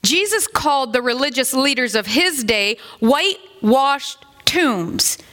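Bright-voiced woman pastor preaching. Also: sits high, slow pace. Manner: animated, acts out quotes in put-on voices; conversational, with asides and laughs. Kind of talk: sermon.

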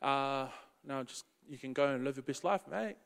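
A man's voice: medium pitch, normal speed, creaky, fairly bright tone, clean tone, pitched below the performer's own voice. A man voicing Jesus as a casual, slangy man. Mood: laid-back. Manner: casual, slangy, matter-of-fact.

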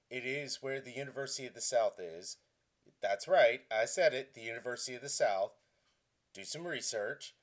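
A man in his forties from Tennessee, giving self-mocking dramatic readings with a mock-dramatic, self-deprecating delivery. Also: mid-range voice. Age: 40s. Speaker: comedic vlogger.

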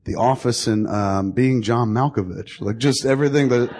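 A man's voice: mid-range voice, normal speed, a little mellow. A man in his forties hosting a podcast, telling long, profane stories and laughing as he goes. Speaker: podcast host. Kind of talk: casual storytelling.

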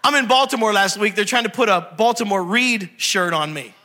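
A man preaching in a church, his voice high and bright as he jokes and keeps quizzing the congregation. His delivery is animated and playful, quick to switch from banter to scripture. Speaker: pastor. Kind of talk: humorous sermon.

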